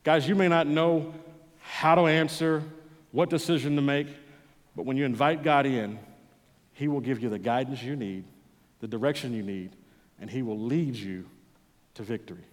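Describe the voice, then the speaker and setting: A man preaching a sermon, telling a personal story and moving between loud, pleading bursts and quiet, intense passages. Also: mid-range voice, normal speed, long pauses. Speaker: pastor. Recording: long hall reverb.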